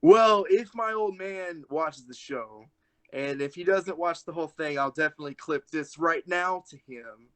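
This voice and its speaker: A man's voice: on the high side, moderate pace, a bit bright, clear, resonant tone. Young man telling a rambling story. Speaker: wrestler guest. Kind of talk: casual podcast chat.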